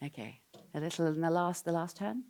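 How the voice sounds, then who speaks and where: Low-voiced woman coaching ballet. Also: a little fast, darkish tone. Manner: sings the counts, coaxing and encouraging. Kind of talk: live rehearsal coaching. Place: ballet rehearsal studio. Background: faint piano.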